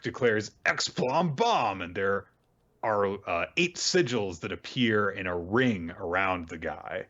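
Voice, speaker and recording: A man's voice: low-pitched, lively intonation, measured pace, pushed and bright, lo-fi sound. A man hosting a podcast, casually recapping manga chapters in a rambling, wry way with lots of fillers. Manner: rambling summary full of "uh" and "like," wry asides. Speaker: podcast host.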